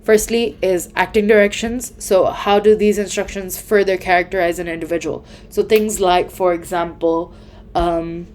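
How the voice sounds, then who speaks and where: A woman's voice: lowish voice, fairly even intonation, moderate pace, a little mellow, a little hiss or hum. A young woman giving casual exam tips, chatty and full of fillers, often correcting herself mid-sentence. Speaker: student tutor.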